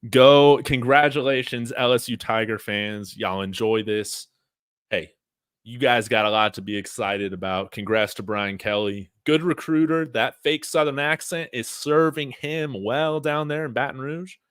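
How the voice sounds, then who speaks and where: A man's voice: mid-range voice, normal speed, fairly bright tone, clear, resonant tone, no room sound. A man hosts a sports fan livestream, speaking off the cuff to his audience. His voice sits mid-range and sounds close and dry. He rambles casually, with plenty of fillers and restarts. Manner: chatty, frequent fillers and restarts; addresses viewers directly. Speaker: sports fan show host. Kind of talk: livestream watch-along commentary.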